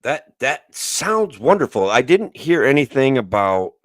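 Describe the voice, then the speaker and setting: Sarcastic New co-host, low and animated, dry mic. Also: male voice, a little slow, dry recording. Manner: sarcastic, joking, lively delivery. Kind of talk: casual political discussion.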